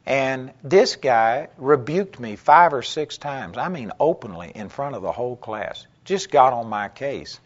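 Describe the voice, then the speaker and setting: A man teaching a Bible class, telling personal stories in a conversational way and getting louder and more animated when he quotes himself. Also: medium pitch, a little slow, few pauses, highs cut off. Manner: conversational storytelling, gets loud and animated when quoting himself.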